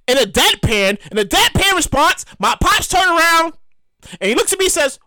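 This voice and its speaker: A man's voice: extremely high pitch, fast talker, no echo. A young man hosting a show, delivering a rambling, profane, comedic rant. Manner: rambling, repetitive, profane, excitable. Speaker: podcast host.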